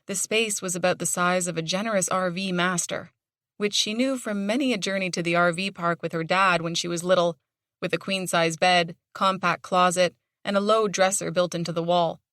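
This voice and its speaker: A woman narrating an audiobook in a measured, storytelling manner. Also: lowish voice, fairly even intonation, a bit bright, no echo, clean studio sound. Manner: measured storytelling with dramatic tension. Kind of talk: scripted narration.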